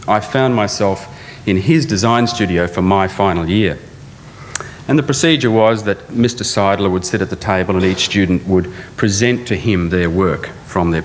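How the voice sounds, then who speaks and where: A middle-aged man, an architect, introducing a speaker with dry, anecdotal stories, now and then putting on an accent. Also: sits low. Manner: dry storytelling with occasional accent impressions. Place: large lecture theatre. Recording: long reverb in a large lecture hall, faint hum.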